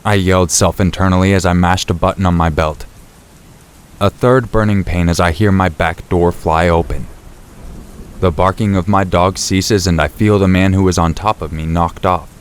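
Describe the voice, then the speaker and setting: A man narrating a true scary story in the first person, in a steady, low-key storytelling voice. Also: smooth. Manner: steady, low-key storytelling, rising sharply for shouted quotes. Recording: faint rain and thunder behind.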